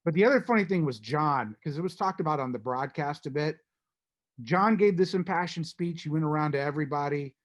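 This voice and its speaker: A man's voice: on the high side, animated, brisk, highs cut off. A man hosting a podcast, chatting casually and animatedly about a strategy game, rambling and restarting his sentences often. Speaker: podcast host. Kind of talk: casual chat recapping an online strategy game.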